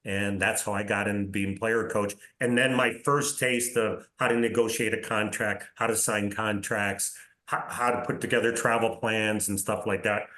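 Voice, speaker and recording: A man in his sixties, a podcast guest telling career anecdotes in a casual, animated way, often acting out reported dialogue and checking in with "right?". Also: lowish voice. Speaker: interview guest, soccer league commissioner. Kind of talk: casual storytelling in a podcast interview. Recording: roomy echo.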